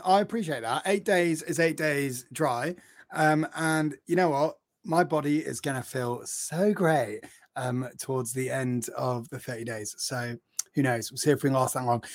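A man's voice: mid-range voice, vocal fry, no echo. A man co-hosting a casual podcast, jokey and rambling, with frequent restarts. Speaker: podcast co-host.

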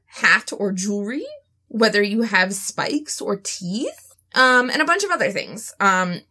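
A woman hosting a podcast in casual chat, giggly and animated. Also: mid-range voice. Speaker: podcast host.

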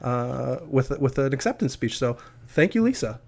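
A man co-hosting a podcast, announcing awards in a relaxed, joking way full of fillers. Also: mid-range voice, normal speed, vocal fry. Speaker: podcast co-host. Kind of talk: casual podcast chat.

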